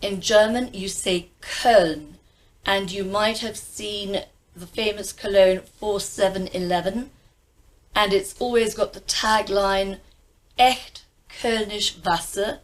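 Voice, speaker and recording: A woman with a received pronunciation English accent teaches pronunciation at a slow, measured pace. She lingers over each sound with careful, emphatic precision, and her pitch sits in a middle range. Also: steady tone, rough recording. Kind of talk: pronunciation lesson.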